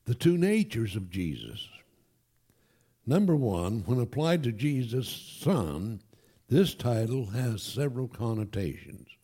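A man preaching a sermon to his congregation, emphatic and animated, with folksy asides. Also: medium pitch, slow, breathy edge. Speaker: pastor. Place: church.

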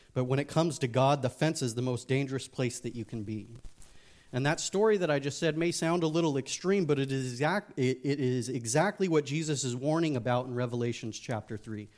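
A man's voice: medium pitch, a little mellow. A man giving a casual sermon as a youth pastor, joking and speaking frankly.

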